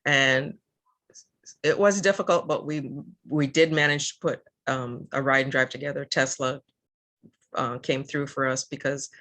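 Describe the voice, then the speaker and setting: A woman's voice: extremely low pitch, fairly bright tone. An older woman from Southern California, a guest in a casual interview, talking earnestly with many fillers and restarts. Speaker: guest, EV advocate.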